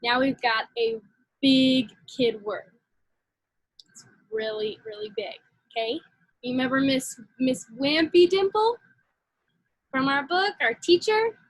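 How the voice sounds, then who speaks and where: A woman leads a children's phonics lesson at a slow, patient pace. Her voice sits high and a little breathy. The recording is close and dry. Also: dry recording, rough recording. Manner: slow, encouraging, speaks to young kids. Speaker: teacher.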